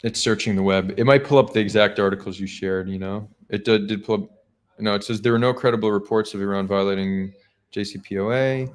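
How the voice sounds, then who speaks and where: A man's voice: on the low side, fairly even intonation, fairly quick. A man hosting a live stream, talking casually and skeptically, thinking aloud with frequent restarts. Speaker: streamer host.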